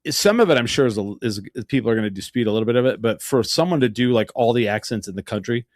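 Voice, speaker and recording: A man's voice: mid-range voice, animated, fast, no echo, studio quality. A man from Eastern New Mexico hosting a podcast in casual chat, rambling through stories and swearing freely. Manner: rambling storyteller, swears freely, slips into a twangy West Texas voice for quotes. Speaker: podcast host.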